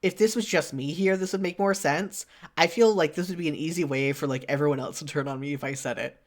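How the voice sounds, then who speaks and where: A man streaming a story game, chatting casually with quick asides and fillers between narrated passages. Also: a little high. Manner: chatty, self-deprecating, fillers. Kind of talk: live-streamed game reading and commentary.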